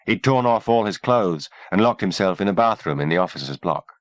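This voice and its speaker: Man, audiobook narration, low voice, measured, dry close sound. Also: animated, no room sound.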